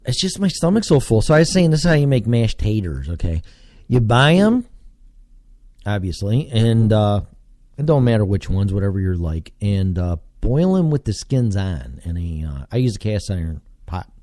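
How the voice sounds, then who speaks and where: Dark-voiced rambling American man. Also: fairly low pitch, very animated, normal speed, no room sound, studio quality. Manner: casual, digressive, lots of fillers. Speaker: podcast host. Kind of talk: rambling solo podcast monologue.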